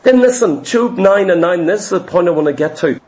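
High-pitched man preaching emphatically. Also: expressive, brisk, darkish tone. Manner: emphatic, repetitive rhetorical questions. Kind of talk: sermon.

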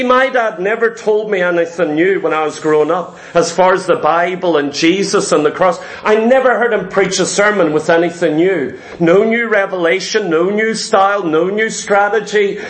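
High-voiced man preaching emphatically. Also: fairly bright tone. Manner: emphatic, repetitive preaching cadence. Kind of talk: sermon.

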